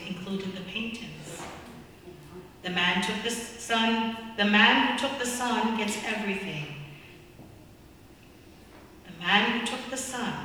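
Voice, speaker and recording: A woman's voice: mid-range voice, sharp tone, slight background noise. A woman voicing a formal, persistent male auctioneer who announces bids insistently. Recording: echoey hall from far off.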